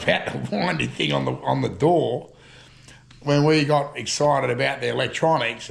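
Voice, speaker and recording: At home, an older Australian vlogger tells rambling, chuckling stories in laid-back slang, casually spinning yarns. His voice is mid-range with a creaky texture.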